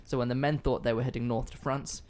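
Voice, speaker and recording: A man's voice: medium pitch, level tone, fast, a little mellow. A man hosting a casual history podcast, chatty and offhand, swearing freely. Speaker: podcast host.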